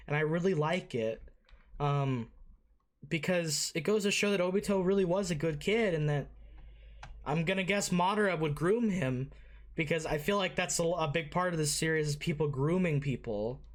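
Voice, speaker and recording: Rambling, foul-mouthed anime reaction host. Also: mid-range voice. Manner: rambling, swears freely, many fillers and restarts. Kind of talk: casual reaction commentary.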